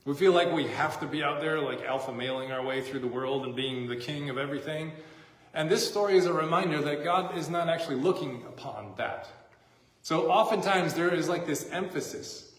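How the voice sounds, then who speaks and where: A man's voice: on the high side, normal speed. A man preaching a sermon as a pastor, in a casual, joking, conversational way, recorded in a church sanctuary. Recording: echoey church hall.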